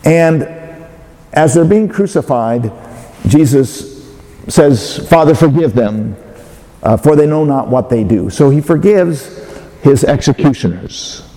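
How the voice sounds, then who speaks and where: A man giving a sermon as a pastor, speaking in a measured way with hesitant fillers and restarts. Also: fairly high pitch, lively intonation, mellow. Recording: long hall reverb.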